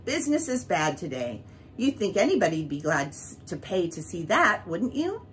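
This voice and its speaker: A woman voicing a humble, excitable male street painter with an eager manner. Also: lowish voice, moderate pace, slight background noise. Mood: glum. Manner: eager and sighing. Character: cheerful humble street-artist man, excitable.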